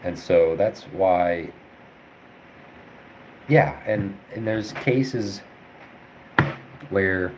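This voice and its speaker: A man's voice: sits low, very slow, long pauses, noisy background. A young man, a veterinary student, talking casually while studying and rambling through his thoughts with plenty of fillers. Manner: rambling, thinks aloud with many fillers. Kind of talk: casual study livestream, answering chat.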